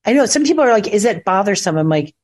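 Chatty woman telling lively stories. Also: mid-range voice, fast. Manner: chatty storyteller, acts out quotes. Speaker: actress, interview guest. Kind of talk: casual chat. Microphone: phone call.

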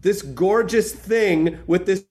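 A man's voice: high-pitched, takes it slowly, darkish tone. A man hosting a podcast, enthusiastic and chatty, with plenty of "like" fillers. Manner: enthusiastic, filler-heavy, lots of "like". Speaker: podcast host. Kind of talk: casual podcast chat.

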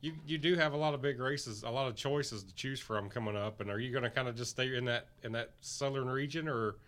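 A man's voice: mid-range voice, brisk, a bit bright. A man hosting a racing podcast, asking questions in an upbeat, encouraging way. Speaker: podcast host. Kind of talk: casual interview chat.

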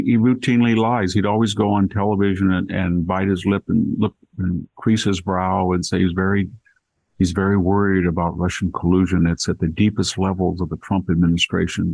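Gravelly low-voiced older man. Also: a little mellow, low-quality recording. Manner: anecdotal storytelling with asides. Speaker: podcast host. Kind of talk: casual chat.

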